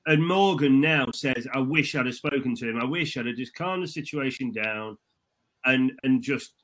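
A man's voice: mid-range voice, normal speed, a bit bright. A man hosting a casual interview podcast, asking long rambling questions. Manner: rambling, thinks aloud as he asks. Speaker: podcast host.

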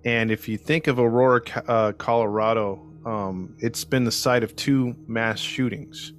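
A man narrating a story on a podcast in a loose, joking, conversational way, pausing on ums and restarting his sentences. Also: mid-range voice, fairly even intonation, faint music behind.

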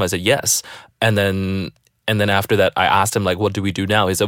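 A man's voice: low voice, fairly quick, dry recording, studio quality. A man in his thirties with a Malaysian accent, co-hosting a frank chat and telling stories with cheeky jokes. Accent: Malaysian English. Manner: cheeky, joking, animated storytelling. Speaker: podcast co-host.

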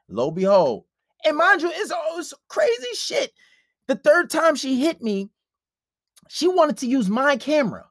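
A man spins a profane story on a casual podcast. He acts out every quote, and his pitch leaps all over. The sound is dry and close, with no room echo. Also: big pitch swings, moderate pace, a bit bright. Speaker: podcast host.

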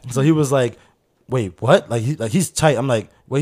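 A man telling a story in casual chat, animated and slangy, acting out other people's voices and laughing often. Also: mid-range voice, quick pace.

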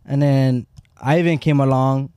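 A man with a mellow, dark voice rambles through a casual chat, stacking fillers as he goes. The room sounds dry and close. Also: medium pitch, steady tone, measured pace, clean tone, no echo.

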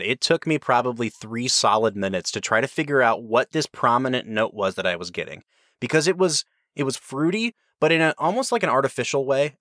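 A man's voice: medium pitch, fairly bright tone, no room sound, studio quality. A man hosting a whiskey review, explaining and chatting in an enthusiastic, rambling way. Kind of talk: casual review chat.

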